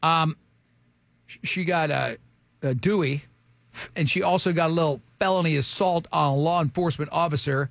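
High voiced radio host guy, gravelly, cracking jokes, dry studio sound. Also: normal speed, fairly bright tone, no echo. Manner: joking storyteller. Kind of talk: casual radio banter.

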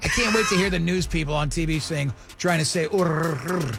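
A man's voice: on the high side, quick pace, vocal fry, over music. A man hosting a radio show, running through a sports schedule and joking with his co-hosts in casual banter. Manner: wisecracking, joking.

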